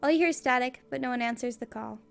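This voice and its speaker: High, gravelly woman reading game text. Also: quick pace, soft background music. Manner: casual, wry asides. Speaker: let's play gamer.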